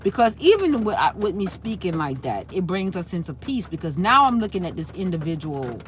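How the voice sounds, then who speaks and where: A woman hosting a spiritual channel talks in a casual, rambling monologue, repeating herself and tagging her points with "right?" again and again. Her voice sits on the low side, with big pitch swings and a fairly quick pace.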